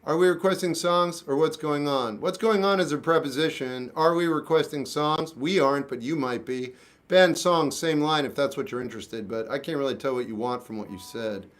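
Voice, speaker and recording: A man's voice: fairly high pitch, normal speed. A man casually answering chat comments on a livestream with dry, jokey, offhand replies.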